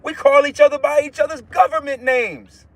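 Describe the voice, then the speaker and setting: This is a man running a casual preaching livestream from inside his car. His voice sits high for a man. He talks bluntly and swears freely, stumbling over the starts of his sentences as he lectures. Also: fairly even intonation, normal speed, no echo. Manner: blunt, profane, repetitive restarts. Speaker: livestream host giving religious teaching.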